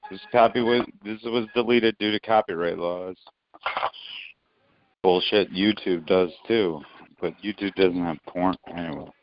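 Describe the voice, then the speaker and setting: Low-voiced man chiming in bluntly on a podcast, muffled sound. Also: a little hiss or hum. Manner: blunt, profane, quick to laugh along. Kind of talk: casual crude chat.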